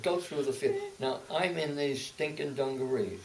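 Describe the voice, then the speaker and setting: A veteran in his eighties, interviewed at home indoors, tells oral-history stories in a medium-pitched voice. His delivery is stop-start, halting, repeating words and restarting before speeding up. The mic is set back and picks up faint hiss.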